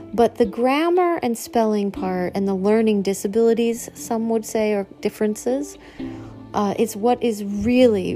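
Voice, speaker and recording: A woman's voice: mid-range voice, warm tone. A woman hosting her own podcast, talking in an earnest, meandering way, with small laughs and restarts. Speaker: podcast host. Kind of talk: reflective solo podcast talk.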